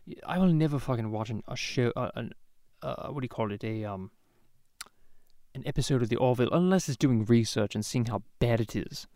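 Ranting man, profane, rambling, smooth voice, dry close mic. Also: medium pitch, fairly quick, warm tone, no echo. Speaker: podcast host. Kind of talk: profane comedic rant. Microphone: podcast microphone.

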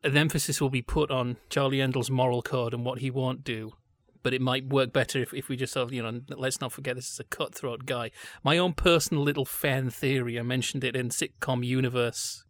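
A man's voice: mid-range voice, fairly even intonation, a little fast, no room sound. Dry-sounding man musing on old television. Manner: thoughtful, discursive, digressive. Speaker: podcast co-host. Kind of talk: casual podcast discussion.

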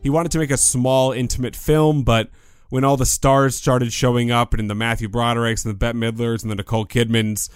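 A man's voice: mid-range voice, little pitch movement, brisk, smooth, dry recording, clean studio sound, faint music behind. A man co-hosting a podcast, chatting casually about a film and acting out quotes with quips. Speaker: podcast co-host. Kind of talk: casual movie review chat.

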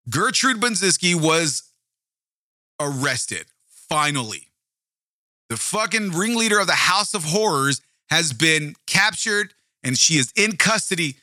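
A man's voice: fairly high pitch, bright, forceful tone, no echo, studio quality. A man hosting a true-crime show, reading the case aloud and breaking off into blunt, profane asides to his listeners. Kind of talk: true-crime narration with commentary.

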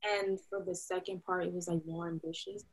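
A woman's voice: fairly low pitch, fairly even intonation, brisk, low-quality recording. A woman in a casual group discussion who starts with "um" and leans on key words. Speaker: discussion participant.

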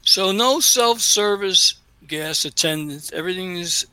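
High-voiced guy, gravelly, jokey, laughs a lot, dry close sound. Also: a little slow, bright, forceful tone, no room sound, poor audio. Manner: jokey, laughs often, asks leading questions. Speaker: co-host. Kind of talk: casual chat.

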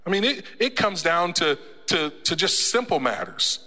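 A man preaching a sermon to his church in a relaxed, joking way, with laughs and frequent restarts. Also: sits high, normal speed. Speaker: pastor. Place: church sanctuary. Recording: church hall with long reverb.

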